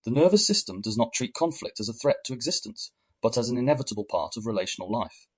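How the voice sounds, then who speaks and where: A man hosting a podcast, giving measured, reflective scripted narration. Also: medium pitch, animated, husky. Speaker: podcast host.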